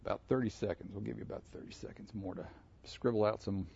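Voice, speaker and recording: A man's voice: fairly low pitch, steady tone, fast talker, vocal fry, mellow, muffled recording, slight background noise. A man preaching a sermon, asking his congregation questions and laughing between his points. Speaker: pastor. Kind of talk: interactive sermon.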